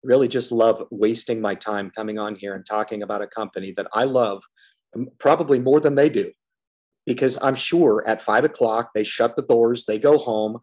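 A man's voice: mid-range voice, moderate pace, a little mellow. A man giving a frustrated solo commentary on a stock, blunt and repetitive, swearing casually and circling back to the same complaints.

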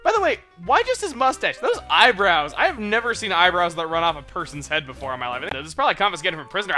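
A young man doing excitable, sarcastic commentary over gameplay. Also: high voice, quick pace, hardly any pauses. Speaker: let's player. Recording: faint music behind.

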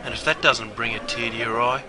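A man's voice: medium pitch, steady tone, fairly quick, crowd noise, natural voice. An Australian-accented man playing a brash, chummy pub barman who talks in slangy, matey banter. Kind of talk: scripted character narration.

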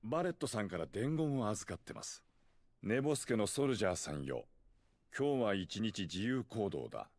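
Courteous innkeeper guy in a game dub, talks quick and formal, low voice, super dry mic. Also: sing-song, darkish tone, no room sound. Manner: formal, deferential hospitality speech. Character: courteous male innkeeper, polite and helpful. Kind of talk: Japanese game dub acting.

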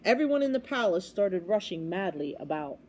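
Woman storyteller, dramatic read-aloud of a kids' book, mellow warm tone. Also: medium pitch, sing-song, fairly quick, slightly rough. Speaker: storybook reader.

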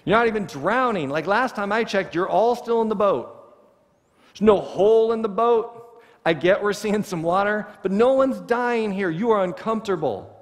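A preacher doing Jesus as a relaxed, reassuring man, joking in easy modern slang. The voice sits a little high and rings with a long church reverb. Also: moderate pace. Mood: reassuring, casual. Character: Jesus, laid-back, reassuring grown man.

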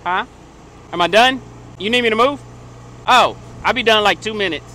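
A man talking casually to camera while cleaning trash cans outdoors, loud and joking, often shouting and exclaiming. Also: high voice, normal speed, rough recording. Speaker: trash can cleaning business owner. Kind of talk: casual on-the-job vlog. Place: outdoors by a house, near a street. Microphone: small clip-on mic with phone camera. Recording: outdoor street noise behind.

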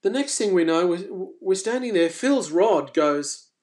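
A man hosting a fishing live stream, telling a story casually and with energy, stumbling and restarting, then trailing off quietly. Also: high-pitched, animated, a little slow. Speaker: fishing coach and channel host.

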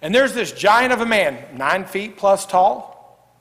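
Animated preacher in an echoing church. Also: male voice, high voice, slow. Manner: lively, jokey, swings from loud to hushed. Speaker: pastor. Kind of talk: sermon. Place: church sanctuary. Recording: echoey church hall.

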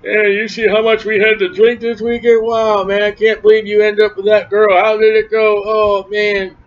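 A man's voice: high voice, little pitch movement, moderate pace, lightly acted. A preacher doing a bragging party guy. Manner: bragging, casual. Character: boastful partying grown man. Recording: dull lo-fi recording.

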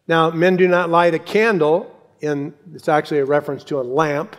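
Man preaching a sermon, slightly high voice. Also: fairly even intonation, moderate pace. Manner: emphatic preaching with rhetorical questions, dropping to quiet asides. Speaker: pastor.

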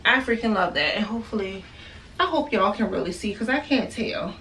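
A chatty woman gushes about her finds in a casual try-on haul, repeating her favorite words. Her voice sits at an ordinary middle pitch. It was caught on a phone camera at home, with faint room noise behind her. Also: lively intonation, a little fast, a bit bright, distant mic. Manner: gushing, chatty, repeats herself. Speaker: vlogger. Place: at home, indoors.

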